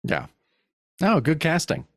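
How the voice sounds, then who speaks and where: Brief: gravelly man, podcast co-host, easygoing, laughs while reading, dry close sound. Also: on the high side, wildly swooping pitch, takes it slowly, no echo. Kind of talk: casual chat, reading comic panels aloud.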